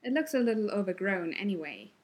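A woman voicing a sharp-tongued young male ninja teacher, dry and scathing. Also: medium pitch, sing-song, brisk, natural voice.

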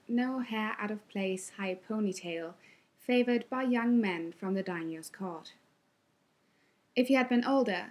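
Brief: woman narrator, calm measured storybook reading, mid pitch.

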